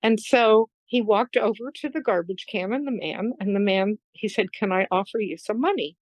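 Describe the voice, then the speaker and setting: A woman's voice: medium pitch, moderate pace, no echo, low-quality recording. Earnest woman telling a story. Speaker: podcast guest. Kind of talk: storytelling in a conversation.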